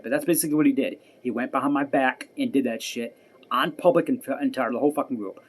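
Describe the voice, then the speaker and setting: A man sits alone venting to his viewers in a heated, profane rant. He repeats his points and swears often, and his tone never settles into calm. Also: medium pitch, quick pace. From United States. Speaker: vlogger. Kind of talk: angry personal rant to camera.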